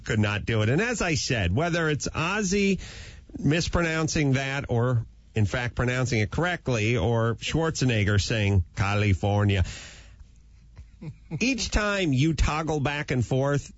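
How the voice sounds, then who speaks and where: Lively-voiced male radio host. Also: medium pitch, unhurried, no echo, muffled recording. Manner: animated storyteller who slips into voices. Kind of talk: comedic radio talk.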